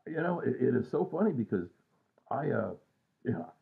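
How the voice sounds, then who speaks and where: A man's voice: mid-range voice, big pitch swings, moderate pace, vocal fry. A man in his sixties rambling casually and self-mockingly at home at night, trailing off with lots of fillers. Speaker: vlogger. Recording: tinny phone-like sound.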